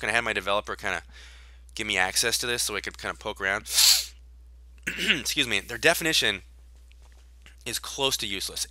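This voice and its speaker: A man's voice: on the low side, sharp tone, no room sound. Male solo explainer; punchy, emphatic delivery, dry close recording. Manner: emphatic, sarcastic asides, repeats key points. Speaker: online seller educator.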